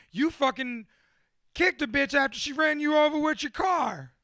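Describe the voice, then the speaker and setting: A man's voice: very high-pitched, normal speed, bright, forceful tone, no room sound, studio quality. A man in his thirties, a motivational speaker, rambling profanely and self-deprecatingly through a candid personal monologue.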